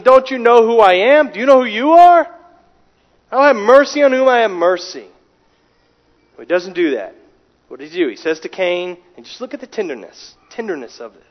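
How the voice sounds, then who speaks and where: A man preaching a sermon, emphatic, with rhetorical questions and frequent restarts. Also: sits high. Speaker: pastor. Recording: dull sound with long hall reverb.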